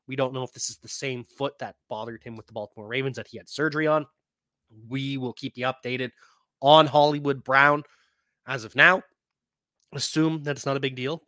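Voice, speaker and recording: Male fantasy football podcast host, bright and forceful tone, close dry mic, casual animated delivery. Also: mid-range voice, no echo. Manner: animated, laughs at his own points. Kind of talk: casual sports talk.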